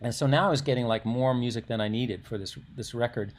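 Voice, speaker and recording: A man's voice: mid-range voice, quick pace. Man in his sixties telling rambling stories. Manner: rambling, self-interrupting anecdotes with acted quotes. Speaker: musician guest. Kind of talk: casual storytelling interview.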